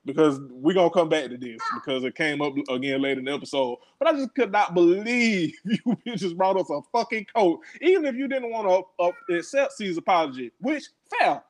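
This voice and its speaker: A man's voice: high voice, fairly quick, hardly any pauses. A man co-hosting a casual recap podcast, ranting profanely and laughing as he talks. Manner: profane, animated, laughing rants. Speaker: podcast co-host. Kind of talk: casual reality-TV recap chat.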